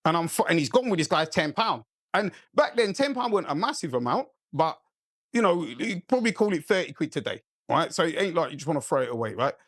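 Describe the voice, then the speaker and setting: His voice is a little high and quick as he tells a long, casual story on a podcast. Animated and swearing freely, he keeps asking "right?" to check in with his listener. Clean studio sound, no room sound.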